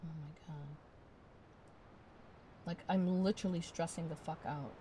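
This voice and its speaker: A woman's voice: on the low side, steady tone, a little slow, dark tone, a little hiss or hum. A woman game streamer in casual live-stream chat, ranting in exasperation, swearing and repeating herself.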